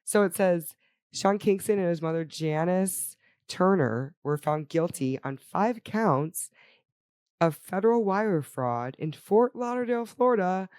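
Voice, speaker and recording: A woman's voice: fairly low pitch, lively intonation, unhurried, a little mellow, no room sound, studio quality. Chatty, opinionated young woman. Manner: chatty, opinionated, swears freely, laughs often. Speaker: podcast co-host. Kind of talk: casual chat.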